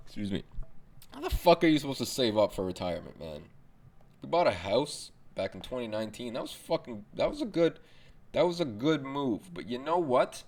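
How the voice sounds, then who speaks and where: A man's voice: medium pitch, darkish tone. A young man hosting a podcast, ranting casually and sarcastically with frequent swearing. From Arab background. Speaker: podcast host. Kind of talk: casual monologue rant.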